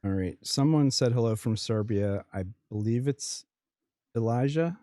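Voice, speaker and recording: A man's voice: mid-range voice, a little slow, warm tone, no room sound, clean studio sound. A man from Western Pennsylvania with a Western Pennsylvania accent, hosting a casual livestream chat and greeting viewers by name. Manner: chatty, laughs easily, greets chat by name. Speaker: livestream host.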